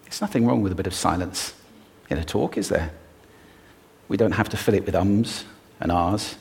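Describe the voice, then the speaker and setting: A man giving a talk on stage to a live audience, playful and expressive, demonstrating vocal techniques as he speaks. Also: low voice, normal speed, vocal fry.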